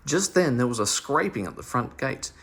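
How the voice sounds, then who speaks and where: A man reading a children's story aloud with animated, expressive storytelling. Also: mid-range voice, normal speed, slight background noise. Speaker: storybook reader.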